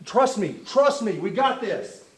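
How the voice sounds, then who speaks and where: A man's voice: high voice, expressive, a little slow, husky. A man acting as a wrestling manager, pushing and hyping his wrestler in a persuasive, insistent way. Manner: pushy, persuasive hype talk. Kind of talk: wrestling promo.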